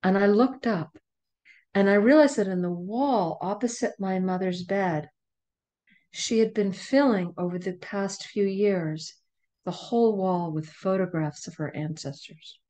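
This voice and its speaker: A middle-aged woman talks as a podcast guest, retelling a personal story with animated energy. She laughs often as she goes. Her pitch sits in an ordinary middle range. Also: unhurried. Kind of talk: storytelling in conversation.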